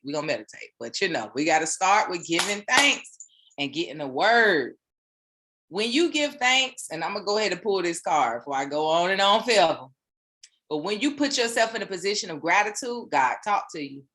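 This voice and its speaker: A woman, giving a casual, animated sermon-style motivational talk as a spiritual teacher, with repeated phrases. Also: medium pitch.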